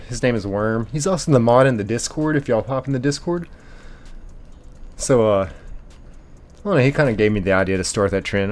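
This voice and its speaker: A man hosting a casual live stream, reading viewer comments aloud in an animated way, laughing easily and thanking viewers by name. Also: medium pitch. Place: apartment bedroom.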